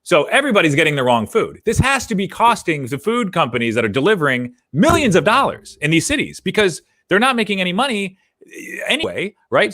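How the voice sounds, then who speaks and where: Bright-toned man telling stories, animated. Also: fairly high pitch, no room sound, studio quality. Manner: animated storytelling, gets heated. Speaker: podcast co-host. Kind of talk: casual chat.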